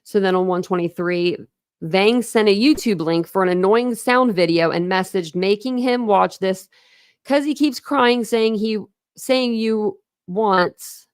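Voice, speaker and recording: A woman's voice: medium pitch, clear, resonant tone, dry recording, studio quality. A woman hosting a true crime live stream, reading court documents aloud and stopping to react in a rambling, openly upset way. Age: adult with a young son. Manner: conversational, full of "like" and restarts, openly upset. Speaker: true crime channel host.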